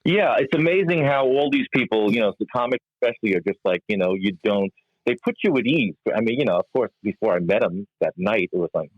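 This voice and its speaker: A man's voice: mid-range voice, expressive, quick pace, no echo. An older man, a comedian and musician, telling stories from his career in an interview and acting out the voices of people he quotes. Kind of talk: storytelling in an interview. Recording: dry, slightly muffled remote audio.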